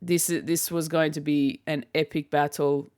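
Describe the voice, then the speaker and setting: A woman's voice: deep voice, flat delivery, unhurried, a little mellow, no room sound, studio quality. A woman hosting a podcast, chatting casually on her own, rambling with frequent restarts and bursts of laughter. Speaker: podcast host. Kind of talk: casual solo chat.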